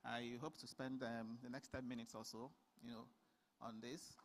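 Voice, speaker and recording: A man from Nigeria presenting a conference paper, speaking in a measured way with many fillers and restarts. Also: mid-range voice, little pitch movement. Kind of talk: formal conference talk. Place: large conference hall. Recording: long hall reverb.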